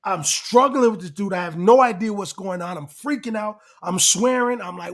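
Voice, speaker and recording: A man telling a long story in casual chat, excitable and rambling, acting out what people said. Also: high voice, normal speed, few pauses. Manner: excitable, rambling, acts out quotes. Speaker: guest rapper and actor.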